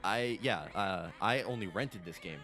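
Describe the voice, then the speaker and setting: A man in his late twenties, a gaming co-host playing a game while telling excited, rambling stories and swearing freely. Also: fairly low pitch, unhurried. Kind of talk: casual let's-play chat. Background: game music.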